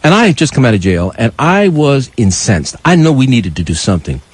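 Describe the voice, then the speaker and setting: An older man from New York telling a passionate personal story as a live radio call-in co-host, with a husky voice and wide emotional swings. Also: medium pitch, very animated, fairly quick, no echo, low-quality recording. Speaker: radio talk show co-host.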